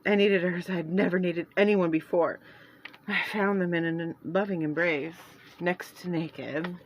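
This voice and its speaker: Woman, author reading own novel, earnest, halting, lowish voice. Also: steady tone, a little hiss or hum, low-quality recording. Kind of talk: first-person fiction reading.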